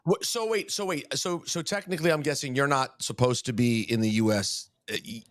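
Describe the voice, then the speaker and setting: A man's voice: mid-range voice, brisk, dry recording, clean studio sound. A man co-hosting a casual podcast interview, asking long, rambling questions with a lot of restarts. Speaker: podcast co-host.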